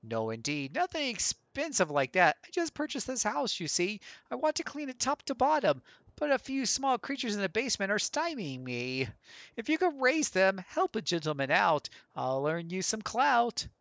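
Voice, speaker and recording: A man reading a video game's dialogue aloud in a fussy, prim voice for a polite gentleman who owns a house. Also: high-pitched, wildly swooping pitch, moderate pace, creaky, dry recording, voice pushed up, full character voice. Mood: courteous. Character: fussy genteel male homeowner, polite.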